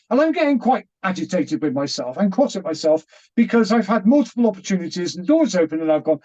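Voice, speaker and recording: Animated high-voiced British man. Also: brisk, lo-fi sound. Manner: animated, acts out quotes, laughs often. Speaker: guest. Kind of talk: storytelling interview.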